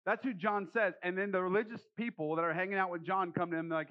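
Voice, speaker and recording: A young male pastor delivers a sermon in a relaxed, joking way, acting out the people in his story. His voice sits a little high for a man. The recording sounds muffled and lo-fi. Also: fast talker, hardly any pauses.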